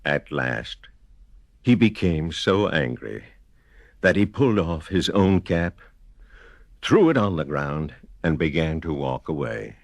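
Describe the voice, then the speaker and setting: A man reading a children's picture book aloud, slow and deliberate with a sing-song repetition. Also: extremely low pitch, very animated, dry recording. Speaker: storyteller. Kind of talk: children's storybook narration.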